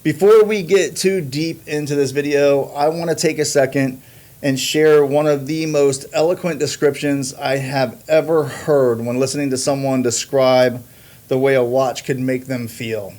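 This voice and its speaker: A man's voice: medium pitch, fairly even intonation, normal speed, darkish tone. A man hosting a watch review, narrating in a scripted, earnest and admiring way. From United States.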